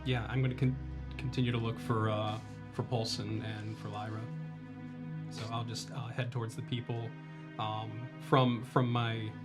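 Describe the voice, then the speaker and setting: A man's voice: medium pitch, level tone, moderate pace. A man playing a tabletop game, describing his character's actions as he thinks aloud. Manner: hesitant, thinking aloud with fillers. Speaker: player. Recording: clear music behind.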